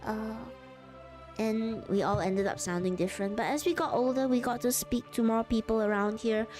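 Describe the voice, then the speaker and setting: Woman rambling away on a cozy stream, laughs a lot, soft music behind. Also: fairly high pitch, fairly even intonation, normal speed. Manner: rambling, chatty, laughs often. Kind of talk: casual live-stream chat.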